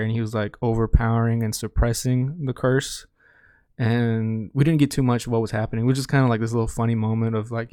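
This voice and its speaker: Casual male recapper, rambling and relaxed, mellow dark tone, dry close mic. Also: mid-range voice, dry recording. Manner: rambling, many restarts and fillers. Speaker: anime reviewer.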